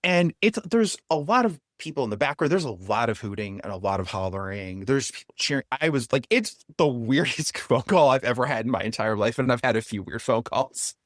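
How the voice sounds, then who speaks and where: A man being interviewed as a guest on a podcast, telling a story in a casual, animated way and chuckling now and then. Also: mid-range voice, fairly quick, few pauses, dry recording, studio quality. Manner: animated, chuckles through his stories.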